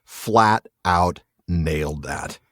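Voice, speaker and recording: A man in casual podcast chat, joking and laughing easily. His voice sits low. The sound is dry and close. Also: extremely slow, fairly bright tone, no room sound. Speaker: podcast co-host.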